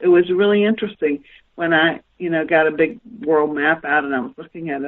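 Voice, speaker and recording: A woman's voice: deep voice, fairly quick. A woman from the American South with a Southern accent, a guest telling a long, rambling personal story in a radio interview. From Southern United States. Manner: rambling, animated storytelling with laughs. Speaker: guest author. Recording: tinny phone line.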